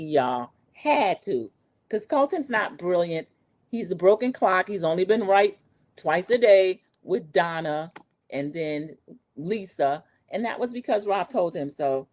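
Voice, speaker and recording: A woman, chatting through a TV episode recap in a sassy, gossipy way. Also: fairly low pitch. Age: 40s. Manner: chatty, sassy, quotes cast members in lively put-on voices. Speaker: recap show host. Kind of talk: casual TV recap commentary.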